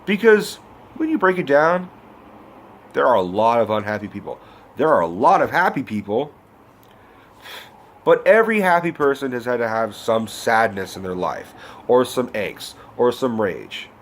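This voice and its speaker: A man in his twenties ranting about a movie in a casual vlog, swearing often and breaking into loud exclamations. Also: mid-range voice, measured pace, pauses often, a little hiss or hum. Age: 20s. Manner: animated, swearing, bursts of shouting. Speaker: vlogger. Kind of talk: profane movie rant.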